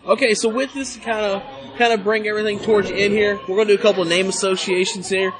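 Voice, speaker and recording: High-voiced man interviewing amid crowd noise. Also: level tone, fast talker. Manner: brief joking interjections. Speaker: podcast host. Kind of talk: casual interview. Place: busy convention floor. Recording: noisy convention crowd. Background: crowd chatter.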